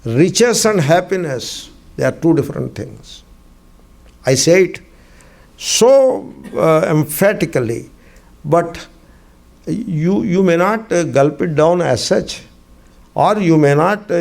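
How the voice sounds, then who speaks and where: A swami leads a spiritual discourse class in a slightly high, creaky, darkish voice, speaking slowly and expressively. He is emphatic, likes to pose questions and answer them himself, and repeats key phrases with dry humor.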